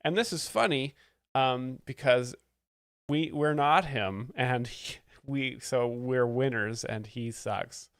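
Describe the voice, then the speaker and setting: A man's voice: mid-range voice, takes it slowly, fairly bright tone, dry recording, studio quality. A man hosting a live stream, explaining stand-up jokes in a sarcastic, mock-expert tone. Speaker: comedy stream host. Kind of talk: casual live-stream commentary.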